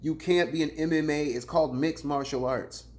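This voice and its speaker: A man hosting a casual battle rap commentary show, talking in slang and swinging between loud, playful jabs and low, muttered asides. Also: steady tone, moderate pace.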